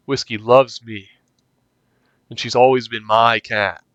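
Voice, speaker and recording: Smug young male kidnapper, read by a man, condescending, mid-pitched, dry close sound. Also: fairly even intonation, takes it slowly, fairly bright tone, dry recording, lo-fi sound. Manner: condescending, taunting.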